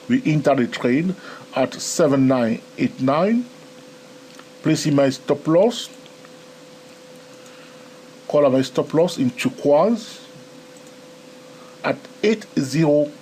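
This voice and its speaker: A man with a non-native English accent talks through a live trading session in a chatty teaching voice. His pitch rises and falls a lot, and he keeps checking in with the listener. A faint hiss of background noise sits under the voice. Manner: animated, repetitive "okay?" and "my friend". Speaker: trading educator. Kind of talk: live screen-recorded trading tutorial.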